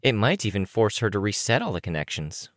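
An audiobook reader voicing a sly, smug young woman who speaks smoothly and wryly. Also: lowish voice, sing-song, brisk, no room sound, clean studio sound, pitched above the performer's own voice. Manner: wry, smooth and knowing.

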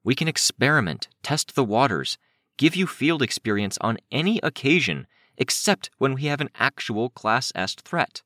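A firm young woman leader , as a male narrator puts her on, measured and steady, her voice lifted above his own low tone. It is a dry, close audiobook recording. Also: no echo.

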